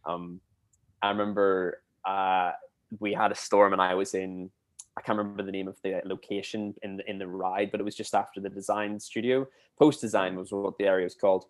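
A man's voice: low voice, fairly quick. A man in his twenties, a podcast guest and former theme park cast member, rambling through casual anecdotes. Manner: chatty, rambling, animated when telling stories.

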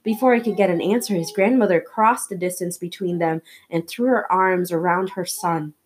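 A woman reading a novel aloud chapter by chapter, in steady, measured narration. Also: on the low side, slightly rough. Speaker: audiobook reader.

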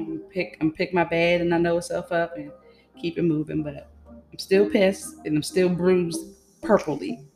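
Woman, podcast host, solo venting, exasperated, swears a lot, rambling, lowish voice, background music. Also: a little mellow. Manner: frank, exasperated, swears freely, loose run-on storytelling.

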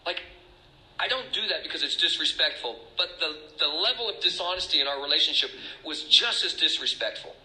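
A man's voice: on the high side, lively intonation, fairly quick, pushed and bright, reverberant, rough recording. A middle-aged man speaking as a recovery speaker, emotional and confessional, rambling with restarts. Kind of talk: personal testimony talk.

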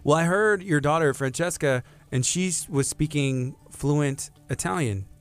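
A man's voice: fairly high pitch, measured pace, faint music behind. An American man hosting a casual interview, chatty and enthusiastic, laughing often. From United States.

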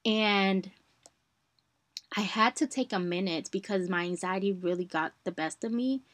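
A young woman hosting a podcast, telling a personal story in a chatty, animated way and calling her listeners y'all. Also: medium pitch, measured pace, no echo. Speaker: podcast host.

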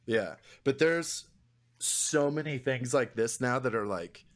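A man's voice: mid-range voice, lively intonation, slow pace. Rambling, swearing young man. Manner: rambling, swears freely, laughs a lot. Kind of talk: casual chat.

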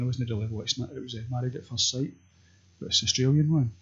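A Scottish man talking in a rambling, crude, deadpan comic monologue. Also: medium pitch, creaky, slightly rough. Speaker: vlogger. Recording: dull lo-fi recording.

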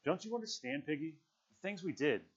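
A low, stricken boy's voice, as a man reading aloud puts him on, hushed and haunted by guilt. It is soft and mutters more than it speaks. The recording is dull and lo-fi. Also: big pitch swings, fairly quick, husky. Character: shaken, guilt-stricken boy leader.

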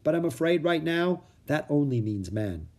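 A man voicing a kind, wise older philosopher in a children's storybook reading, slow and measured. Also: fairly high pitch, big pitch swings, a little mellow, pitched above the performer's own voice. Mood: regretful.

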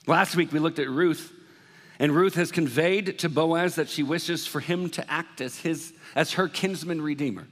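A man preaching a sermon as pastor, talking in a conversational, animated way and acting out worried voices. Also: on the high side. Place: church hall. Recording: long reverb of a large hall.

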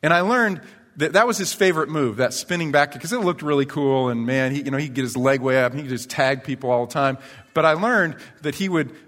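A man's voice: on the high side, fairly quick. Male pastor, conversational sermon, storytelling, church hall reverb. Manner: conversational storytelling, animated when telling anecdotes. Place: church sanctuary.

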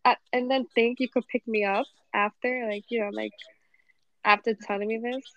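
A young woman guest in casual chat, relaxed and quick to agree. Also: on the high side, dry recording, highs cut off. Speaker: podcast guest.

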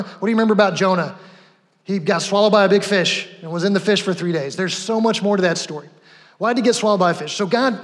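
High-voiced preacher in a reverberant hall. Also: male voice. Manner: conversational preaching with restarts and acted quotes. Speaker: pastor. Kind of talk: sermon.

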